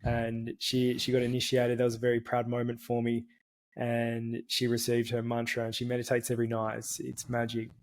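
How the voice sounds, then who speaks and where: An earnest man shares a personal story as a podcast guest, his voice level and steady with little rise or fall. He talks in a casual, reflective way, often starting a word twice before going on. His pitch sits in the middle for a man. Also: normal speed. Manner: earnest, restarts words often.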